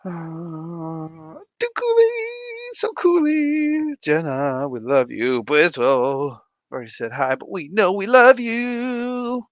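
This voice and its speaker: A man in his thirties chats casually with viewers on a live stream, bouncing all over in pitch while keeping a slow, unhurried pace. His voice is bright and a little tired, and the sound is dry and slightly muffled. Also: lively intonation, no echo. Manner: playful, sing-song, calls out viewer names. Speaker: livestream host.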